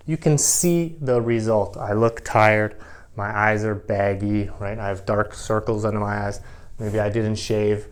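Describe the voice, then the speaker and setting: A man's voice: fairly low pitch, fairly even intonation, measured pace. A middle-aged man teaching English grammar to camera, explaining patiently and repeating key phrases.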